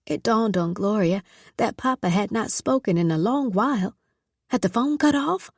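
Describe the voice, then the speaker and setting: A woman narrating an audiobook in a measured, steady storytelling voice. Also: mid-range voice, breathy edge, no room sound, clean studio sound. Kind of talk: scripted narration.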